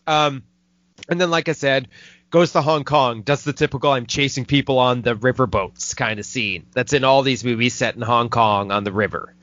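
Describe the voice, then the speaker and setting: A man's voice: mid-range voice, a bit bright, dry recording. Laid-back man trashing a movie, dry dull audio. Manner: loose and profane, drops quick mocking impressions into his retelling. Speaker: podcast host reviewing a movie. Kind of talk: casual chat.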